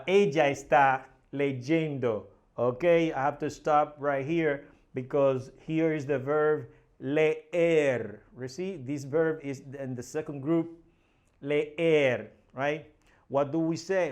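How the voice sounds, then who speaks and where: A native Spanish-speaking man with a mid-range voice teaches a language lesson in English. He explains things step by step, repeats words often, and keeps checking in with "right?"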